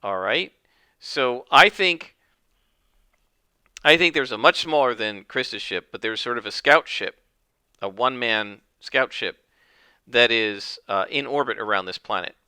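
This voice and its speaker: A man's voice: medium pitch, lively intonation, measured pace, long pauses, pushed and bright, clear, resonant tone, dry recording. A man narrating his solo tabletop game, thinking aloud with many fillers.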